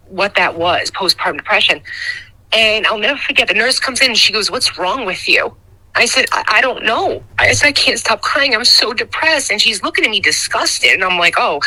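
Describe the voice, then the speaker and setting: A woman tells her own story on a call-in show. Her voice is very bright and sharp. She speaks candidly and haltingly, with plenty of restarts and deep feeling. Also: rough recording. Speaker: caller. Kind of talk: personal account on a talk show.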